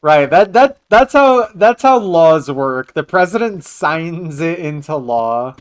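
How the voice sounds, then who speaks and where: A man's voice: a little high, animated, slow. A man streaming a game live, joking casually with his viewers. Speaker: livestreamer. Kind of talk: casual gaming livestream chat.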